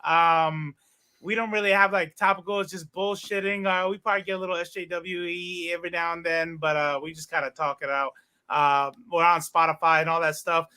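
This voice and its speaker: A man's voice: a little high, level tone, a little fast, pushed and bright, smooth. A man hosting a casual online comics chat in a loose, joking way. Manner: laid-back, joking. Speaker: podcast host.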